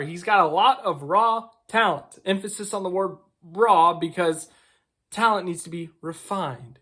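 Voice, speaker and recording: A man with a notably high voice talks through a race in a relaxed, conversational commentary. He is opinionated and rambles into asides as he goes. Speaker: racing commentator. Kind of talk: casual video commentary.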